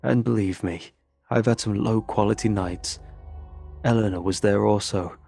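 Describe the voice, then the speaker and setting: A man's voice: lowish voice, steady tone, normal speed, vocal fry, mellow, soft background music. A man voicing Christian, a weary, reflective soldier who talks with sighs. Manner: sighing, reflective.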